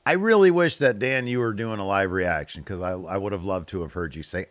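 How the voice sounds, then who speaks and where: Lively, chatty male podcast host. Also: low voice, fairly quick, hardly any pauses, no room sound, clean studio sound. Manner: chatty, opinionated, laughs at own jokes. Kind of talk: casual reaction commentary reading viewer comments.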